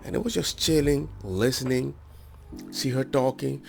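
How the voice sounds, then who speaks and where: A father telling a story in a casual vlog, animated and jumping into quoted voices. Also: medium pitch, moderate pace, creaky, faint music behind.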